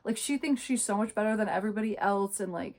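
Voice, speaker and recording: A woman's voice: mid-range voice, quick pace, a little mellow. A young woman in her twenties, chatting casually and sarcastically while reviewing a book. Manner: chatty, sarcastic, many fillers. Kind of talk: casual chat.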